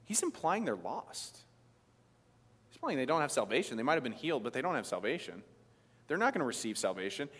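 A man's voice: fairly high pitch, a bit bright. A man, preaching a sermon in an emphatic, conversational way with frequent restarts. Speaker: pastor. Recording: long reverb of a large hall.

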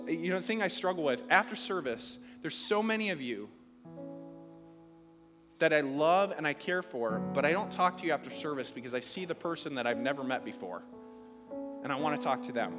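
A man with a fairly high voice preaches a conversational sermon in a church sanctuary. His delivery swings from easy asides up to emphatic, rising calls to the congregation. Long reverb from the hall carries his voice, with faint guitar underneath. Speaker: pastor.

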